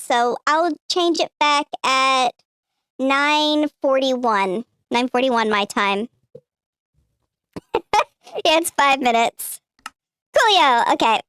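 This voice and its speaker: A woman's voice: fairly bright tone, clear, resonant tone, no echo, heavily acted. A woman streamer talking through a voice changer set to a cutesy uwu voice, bubbly and rambling. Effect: pitched-up voice changer.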